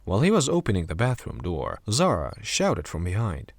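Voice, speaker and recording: Deep, gravelly male narrator. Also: dry recording, studio quality. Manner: measured, steady storytelling. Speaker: audiobook narrator. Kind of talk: scripted narration.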